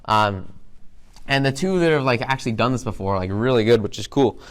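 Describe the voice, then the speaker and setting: A man's voice: mid-range voice, animated, brisk. A man giving an upbeat, rambling motivational talk with lots of energy. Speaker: motivational speaker.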